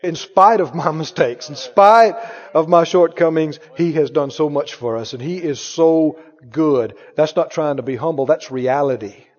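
Preaching to his congregation at a normal speed with few pauses, a man fires off rhetorical questions in an emphatic, repetitive style. The recording has a big-room sound and dull audio, and he imitates other people using a higher voice.

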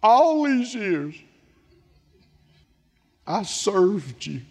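A man's voice: sits high, very animated, extremely slow, full character voice. A man voicing a resentful, self-pitying elder brother who complains that he was never rewarded. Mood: aggrieved. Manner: whining, complaining. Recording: long hall reverb.

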